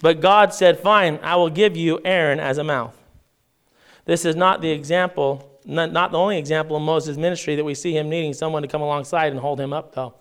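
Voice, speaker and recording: Give me a male preacher reading scripture with chatty asides, with a clear, resonant voice. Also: fairly high pitch, brisk. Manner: reads scripture aloud with lively asides and paraphrase.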